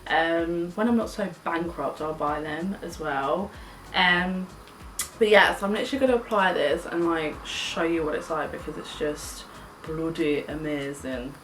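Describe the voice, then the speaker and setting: Young woman, chatty, gushing, lowish voice, roomy sound from a set-back mic. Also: normal speed, far from the mic. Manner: gushing, chatty, swears casually. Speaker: beauty vlogger. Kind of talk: casual makeup chat. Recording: echoey room, mic set back, faint hiss.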